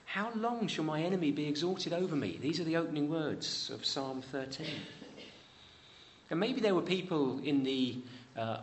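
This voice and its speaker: A man preaches a sermon in a church, his voice rising high on pleading questions and sinking low and soft when he speaks of promises.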